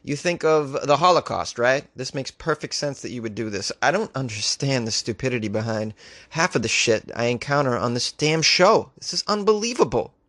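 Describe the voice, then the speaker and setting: A man's voice: medium pitch, animated, a little fast, fairly bright tone, no room sound. A man hosting a weird-news podcast, reading stories aloud and riffing on them with sarcastic disbelief; he says he is a little loopy. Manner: incredulous, ranting, reads stories aloud then riffs. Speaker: podcast host.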